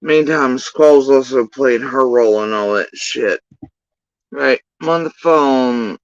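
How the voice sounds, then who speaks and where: A man's voice: medium pitch, slow, no echo, muffled recording. A man telling a long story in a casual commentary rant, profane, rambling and exasperated.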